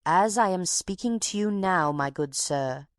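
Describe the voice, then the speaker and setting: A woman's voice: fairly low pitch, lively intonation, unhurried, no room sound, studio quality. A woman reading an audiobook, voicing a talkative older woman box-keeper who tells her tale with drama and takes offence easily. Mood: indignant. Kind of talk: audiobook character voice.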